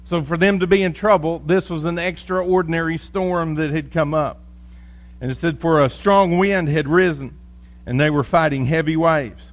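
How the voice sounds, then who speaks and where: A man with a fairly high voice preaches as a pastor. He reads scripture, prays and tells stories in a folksy, joking way. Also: normal speed, muffled recording. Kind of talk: sermon with scripture reading and prayer.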